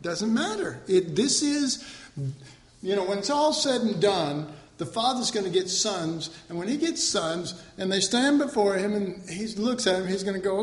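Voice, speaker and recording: A man's voice: high-pitched, big pitch swings, measured pace, echoey room. A man preaching an informal sermon in a conversational, joking way, correcting himself as he goes and acting out mock quotes.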